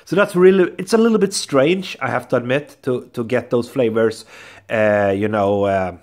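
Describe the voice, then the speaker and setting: A man's voice: mid-range voice, moderate pace, a little mellow. A man hosting a casual beer review vlog, chatty and talking to viewers as guys, often saying "I would say". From Sweden. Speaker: beer reviewer, channel host.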